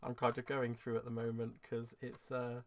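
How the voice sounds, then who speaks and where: A man's voice: medium pitch, monotone, moderate pace, a little hiss or hum. A man hosting a craft live stream, speaking in a rambling, heartfelt way while emotional and close to tears. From England. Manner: rambling and heartfelt, laughing through restarts. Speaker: craft channel host. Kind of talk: live-stream sign-off chat.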